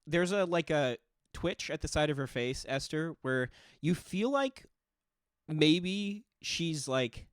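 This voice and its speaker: A man's voice: a little high, lively intonation, slow, clear, resonant tone, no echo, clean studio sound. A man narrating as game master of a tabletop role-play game, talking casually with lots of fillers and restarts. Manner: casual, with frequent fillers and self-corrections.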